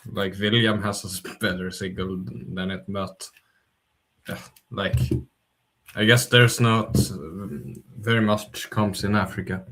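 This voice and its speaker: A man speaking as a guest in a casual livestream chat, hesitant and pausing on fillers. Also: fairly low pitch, steady tone, a bit bright. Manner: hesitant, many filler pauses. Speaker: podcast guest.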